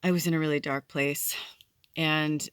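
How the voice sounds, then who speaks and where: A woman's voice: low-pitched, level tone, normal speed, a bit bright, smooth, no echo, studio quality. A woman in her late forties talking candidly in a casual vlog, swearing freely and speaking in a heartfelt, encouraging way as a spiritual content creator. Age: 40s. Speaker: spiritual vlogger.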